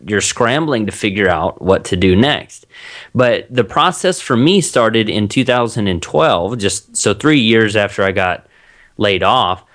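A man's voice: on the low side, fairly bright tone. A man with a Texan accent, a guest in a casual interview, easygoing and reflective. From Texas. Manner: easygoing, reflective, with frequent restarts. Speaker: guest, author and blogger.

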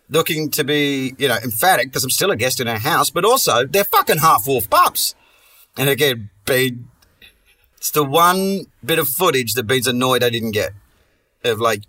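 A man's voice: medium pitch, animated, moderate pace, pushed and bright, recorded from a distance. A man hosting a comedy podcast, telling a long story in a rambling, sweary way and restarting his sentences often. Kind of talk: casual comic storytelling.

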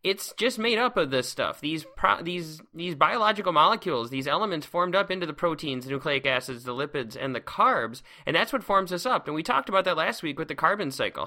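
A man's voice: fairly high pitch, pushed and bright. Exuberant man hosting a science podcast. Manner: exuberant and playful, piles up words like awesome. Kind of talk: casual science lecture. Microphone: close microphone, speaking seated.

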